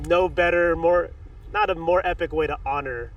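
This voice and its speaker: Man, podcast host, eager short reactions, higher voice, distant mic. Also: fairly even intonation, fairly bright tone, dull audio. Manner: enthusiastic, quick short reactions. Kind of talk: casual interview chat.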